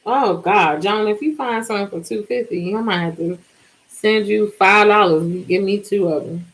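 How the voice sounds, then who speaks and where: A woman in her forties hosts a relaxed live stream and chats directly with her viewers. She tells her stories in an animated way and draws out words for emphasis. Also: mid-range voice, poor audio. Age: 40s. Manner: animated, chatty storytelling with drawn-out words. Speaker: livestream host.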